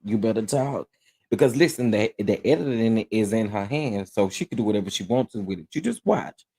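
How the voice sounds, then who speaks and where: A sassy man chats live with his viewers about celebrity gossip, his voice swooping high with exclamations and laughing a lot. He keeps asking "okay?" in a quick, dramatic way. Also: lively intonation, creaky, darkish tone, breathy edge. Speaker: host of a gossip commentary livestream. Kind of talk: live commentary chat.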